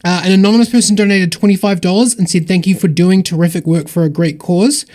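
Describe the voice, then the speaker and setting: A man's voice: sits high, steady tone, quick pace, mellow. Upbeat man hosting a charity stream. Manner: upbeat, rambling, thankful. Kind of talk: casual livestream donation shout-outs.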